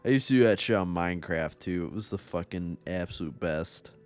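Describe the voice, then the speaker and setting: A man's voice: sits low, fairly quick, faint music behind. A young man rambling through casual gameplay commentary, laid-back and profane, often laughing at his own stories. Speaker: gaming YouTuber.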